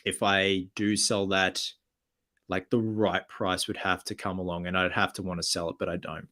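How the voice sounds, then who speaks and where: A man's voice: sits low, flat delivery, normal speed, sharp tone. A man hosting a casual livestream Q&A, reading viewer comments aloud and replying in an upbeat, chatty way.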